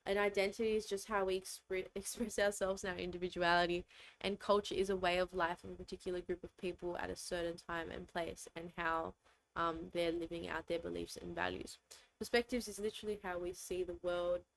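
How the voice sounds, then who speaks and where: A woman's voice: on the low side, level tone, fairly quick, gravelly, slight background noise, rough recording. A young woman giving a casual exam revision lecture, chatty and informal with lots of fillers and self-deprecating asides. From Australia.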